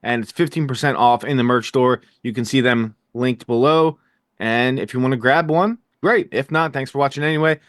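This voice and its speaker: A man hosting a casual TV recap chat, energetic and jokey, with quick fast-talking asides, recorded indoors. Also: mid-range voice, no room sound, clean studio sound. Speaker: podcast host.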